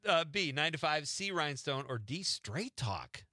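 A man's voice: a little high, very animated, moderate pace, sharp tone, no room sound, clean studio sound. A man hosting a radio show, joking and laughing as he runs a quiz with his guest. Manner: playful, laughs often, quizzes his guest. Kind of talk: casual radio chat.

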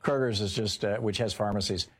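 A man's voice: fairly low pitch, a little fast, husky. A man hosting a call-in radio talk show, chatting with callers and moving the show along. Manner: conversational, fillers, moves calls along.

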